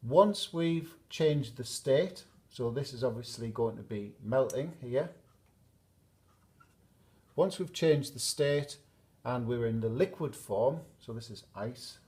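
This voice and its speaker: A man teaching a chemistry lesson at a whiteboard, explaining steadily and pausing to draw graphs. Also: mid-range voice, a little mellow.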